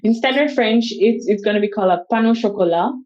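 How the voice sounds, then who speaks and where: A woman chats as an interview guest, spinning lively stories and slipping into other people's voices as she quotes them. Her voice sits in a middle register. The recording sounds a little dull and lo-fi. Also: mid-range voice, quick pace. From Jamaica. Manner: animated storyteller who acts out quoted speech. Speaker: guest, solo travel coach. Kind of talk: casual interview chat.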